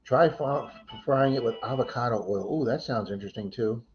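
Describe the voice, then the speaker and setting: Reading out comments on his relaxed livestream, this host chats, laughs readily and thanks people by name. He speaks at medium pitch and an even, moderate pace, and the recording lacks its high frequencies.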